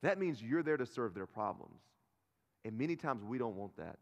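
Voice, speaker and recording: Male pastor, 30s, animated sermon delivery, mid pitch, long hall reverb. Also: normal speed. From North Carolina, US. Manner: animated, swings from loud bursts to quiet asides. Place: church auditorium.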